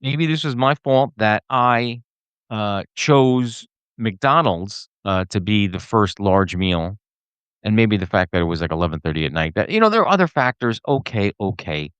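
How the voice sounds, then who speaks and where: His voice sits on the low side and is smooth, with a moderate pace, as this podcast host rambles through a casual rant to camera on his own. He is animated and keeps using fillers and restarting sentences, and there's no room sound.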